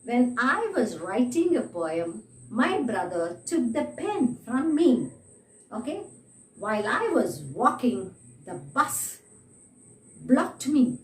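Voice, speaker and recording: A woman's voice: fairly high pitch, very animated, slow. A woman teaching an online English grammar lesson, repeating example sentences and checking in with her students. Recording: echoey room, mic at a distance.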